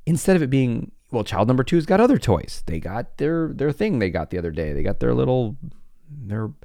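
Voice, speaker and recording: Middle-aged guy psychologist telling stories on a podcast, super lively, acts stuff out, laughs a lot. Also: medium pitch, fairly quick, gravelly, dry recording, studio quality. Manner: animated storytelling, acts out scenes, laughs often. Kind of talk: podcast monologue.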